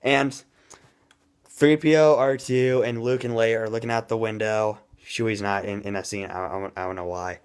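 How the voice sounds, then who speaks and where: A man giving a casual, rambling movie review in an excitable way, admitting he talks too fast. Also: lowish voice, clear, resonant tone.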